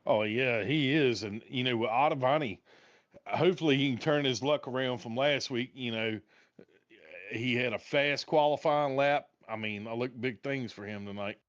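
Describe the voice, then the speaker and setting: A man giving color commentary on a sim race, relaxed and analytical, with many fillers. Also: medium pitch, normal speed, no echo, dull audio. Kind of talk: live sim racing commentary.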